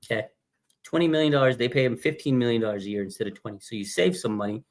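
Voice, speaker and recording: Slangy, animated fan-show host, man. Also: mid-range voice, racing. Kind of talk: casual live-stream sports chat.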